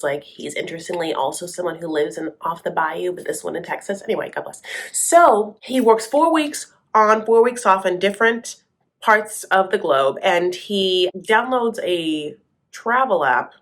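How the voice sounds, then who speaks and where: A woman hosting a casual TV recap, sassy and gossipy, calling the viewer honey and slipping into quick voices for the people she quotes. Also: mid-range voice. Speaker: host.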